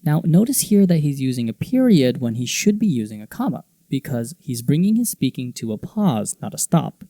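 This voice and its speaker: A man hosting a teaching video, explaining intonation in clear scripted narration and acting out example phrases. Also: medium pitch, big pitch swings, normal speed, few pauses, dark tone, dry recording. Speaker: English teaching video host.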